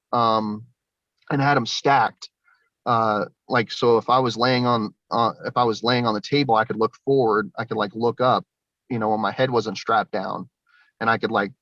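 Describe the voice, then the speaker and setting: Young man guest, loose rambling storyteller, mid-pitched, dry muffled line. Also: fairly bright tone, no echo. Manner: rambling, many fillers and restarts. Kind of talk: recounting personal experiences.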